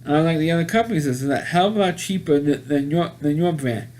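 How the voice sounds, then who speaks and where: Guy rambling thru a movie recap, lots of false starts, kinda higher pitched. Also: a little mellow. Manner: rambling, halting, many restarts and repeated words. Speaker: movie reviewer. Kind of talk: casual spoken movie recap.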